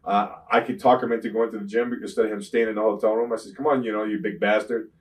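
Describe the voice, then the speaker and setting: An older man, a retired wrestler, telling rambling profane stories in an interview, often saying "you know what I'm saying" and getting loud when he retells fights. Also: lowish voice, fast talker, far from the mic, rough recording. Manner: grows loud and animated when retelling confrontations. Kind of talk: shoot interview storytelling.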